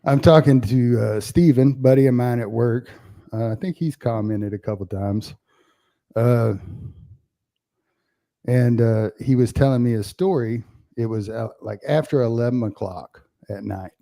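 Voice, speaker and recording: A man co-hosting a sports podcast, chatting casually and telling stories with animated quoted voices. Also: mid-range voice, unhurried, creaky. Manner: animated storyteller, acts out quotes. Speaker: podcast co-host. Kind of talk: casual sports chat, storytelling.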